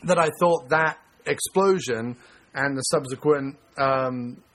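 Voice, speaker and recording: A man's voice: mid-range voice, takes it slowly, fairly bright tone. A man hosting a casual film commentary, joking and teasing his guest.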